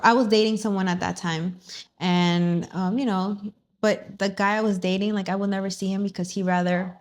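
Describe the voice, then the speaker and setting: A young woman in her twenties chatting casually, telling a story with lively acted-out quotes and bits of Spanish. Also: mid-range voice, normal speed. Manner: animated storyteller, acts out quotes, mixes in Spanish phrases. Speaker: vlog host.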